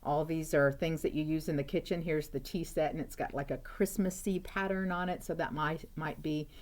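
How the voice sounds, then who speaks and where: A woman's voice: sits low, fairly even intonation, normal speed, a little mellow. A woman teacher reading a picture book aloud to children, chatty and asking them questions, with frequent "uh-oh"s.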